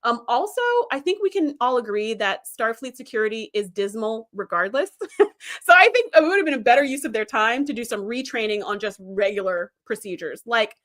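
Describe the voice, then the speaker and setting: A woman with a slightly high voice hosts a casual livestream. She talks in a chatty, animated way, full of fillers and quick asides. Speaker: host.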